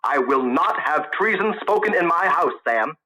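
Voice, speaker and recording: A stern father with a short fuse, as a storyteller puts him on, speaking in clipped, controlled lines. His voice is firm and bright, rising and dropping with barely held anger. A storybook patriarch who will not be crossed. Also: fairly high pitch, animated, moderate pace, low-quality recording. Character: stern middle-aged father with a hot temper.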